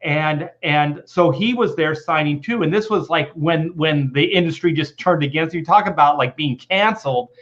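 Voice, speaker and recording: A man's voice: fairly high pitch, normal speed, hardly any pauses, fairly bright tone. Rambling man on a lo-fi call. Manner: rambling storyteller with many restarts. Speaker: comic book artist guest. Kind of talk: casual video call chat.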